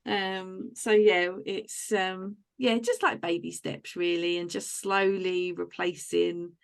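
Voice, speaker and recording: A woman's voice: on the low side, steady tone, slow, vocal fry, clear, resonant tone. Chatty woman hosting a podcast. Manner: chatty, tells rambling home anecdotes. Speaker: podcast host. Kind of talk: casual chat.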